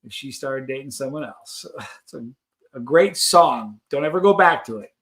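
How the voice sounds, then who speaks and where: A man's voice: mid-range voice, animated, moderate pace, fairly bright tone. A man hosting a live stream, chatting casually and reading out viewer comments in a rambling, friendly way.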